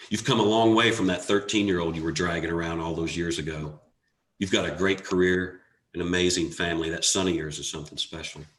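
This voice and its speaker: A man voicing a dying older man who speaks softly and emotionally, choked with feeling. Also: sits low, fairly even intonation, fairly quick, roomy sound. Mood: tender.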